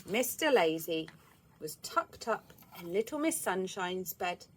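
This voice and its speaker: A woman, reading a children's storybook aloud in an expressive, lively way. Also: on the low side, takes it slowly, a little hiss or hum.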